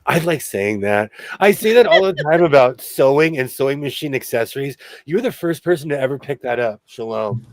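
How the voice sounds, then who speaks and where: A man's voice: mid-range voice, fairly quick, hardly any pauses, no room sound. A man hosting a casual sewing chat, telling stories and laughing often. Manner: animated storyteller who laughs often. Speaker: host.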